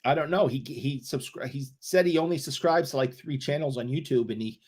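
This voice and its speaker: A man's voice: mid-range voice, fairly quick, a little mellow, husky. A man co-hosting a casual podcast, chatting in an easygoing way. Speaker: podcast co-host.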